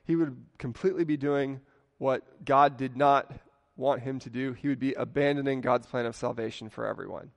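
A man's voice: mid-range voice, steady tone, moderate pace, creaky, long reverb tail. A man preaching a sermon in a conversational way, acting out the quoted lines with rising emphasis. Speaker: pastor.

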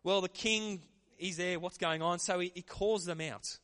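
A man preaching a sermon in a lively, conversational way. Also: sits high, moderate pace. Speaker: pastor.

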